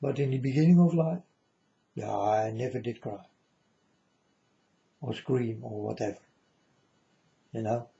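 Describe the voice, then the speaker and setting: Slow, mellow man on a lo-fi recording. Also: medium pitch, gravelly. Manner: slow, repetitive, keeps asking the listener "you understand?". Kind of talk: casual spiritual monologue to viewers. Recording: dull lo-fi recording.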